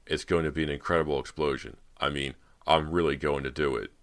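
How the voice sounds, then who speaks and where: Low-voiced guy doing a creepy smooth film director, super deep. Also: fast talker. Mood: eager. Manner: persuasive, turns menacing and eagerly excited.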